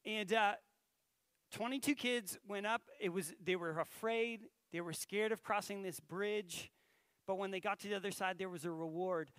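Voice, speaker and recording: High-voiced man preaching. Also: normal speed, fairly bright tone, smooth, no echo. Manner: conversational, storytelling, asks the audience questions. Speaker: pastor. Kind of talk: sermon.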